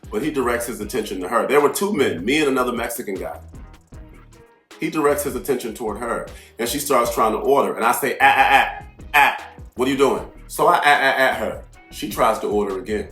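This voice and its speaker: A man hosting an astrology channel, telling a story in a brash, profane, animated way that swings into loud outbursts. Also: medium pitch, fairly quick. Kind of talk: casual storytelling monologue. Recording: echoey room with faint music behind.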